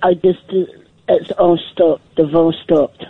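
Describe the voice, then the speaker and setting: A man with a Scottish accent calling in to a radio show, hesitant and halting. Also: on the high side, steady tone, husky, no echo. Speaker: caller. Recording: tinny phone line.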